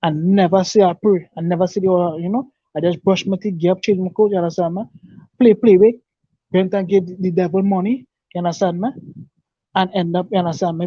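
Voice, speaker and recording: A man giving an earnest, halting personal testimony, repeating and restarting his words. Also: high voice, dry recording. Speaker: guest telling his life story. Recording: dull dry lo-fi recording.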